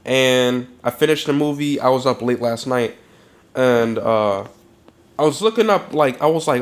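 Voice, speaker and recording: A man's voice: medium pitch, normal speed. Profane casual man on a podcast. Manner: loose, profane, animated film talk. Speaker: podcast co-host. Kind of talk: casual chat.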